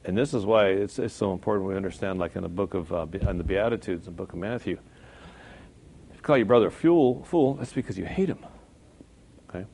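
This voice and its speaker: A man preaching a sermon in a conversational way, now and then jumping to loud emphasis and acting out quoted voices. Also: low-pitched, fast talker, gravelly.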